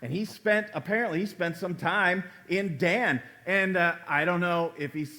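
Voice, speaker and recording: A male pastor preaching a conversational sermon in a church, acting out quoted lines with sudden jumps in pitch and loudness. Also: normal speed. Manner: conversational preaching, acts out quoted dialogue with big pitch swings.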